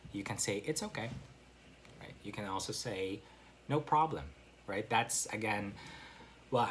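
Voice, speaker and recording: A man's voice: lowish voice, a bit bright, a little hiss or hum. A man giving a casual online English lesson, explaining step by step with frequent fillers and "right?" check-ins. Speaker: English teacher.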